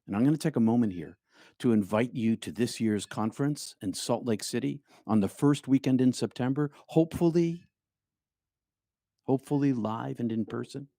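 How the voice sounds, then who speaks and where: A middle-aged man giving a reflective spiritual talk as host, often dropping into quiet, hushed phrases. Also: medium pitch, no echo, studio quality. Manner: slow, reflective, drops to near-hushed phrases. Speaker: spiritual speaker and show host.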